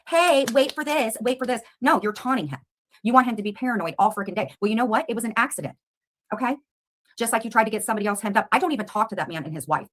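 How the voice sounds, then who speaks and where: A woman on a livestream, confronting a rival head-on with rapid, combative questions. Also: mid-range voice, fairly bright tone.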